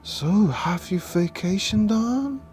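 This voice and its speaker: A man's voice: sits high, lively intonation, darkish tone, slight background noise, voice pushed up. A man putting on a teasing young Dutch woman. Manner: broken English, careful slow phrasing.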